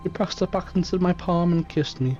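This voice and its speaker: A man's voice: high-pitched, brisk, a little mellow, pitched above the performer's own voice, natural voice. A man voicing a lovesick, flamboyant Spanish fishmonger in a game reading, with a put-on Spanish accent. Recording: muffled stream audio, faint music.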